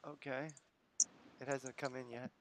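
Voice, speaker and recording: A man's voice: mid-range voice, level tone, measured pace. A man from the United States hosting a live stream, chatting casually, chuckling and reading viewer comments aloud. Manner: laid-back, chuckling, reads chat comments aloud.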